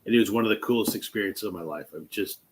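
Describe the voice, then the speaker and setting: A man hosting a casual chat, retelling a story in an animated way and acting out what people said. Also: lowish voice, rapid-fire, a little hiss or hum. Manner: animated retelling, acts out quoted speech; fillers and restarts. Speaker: host.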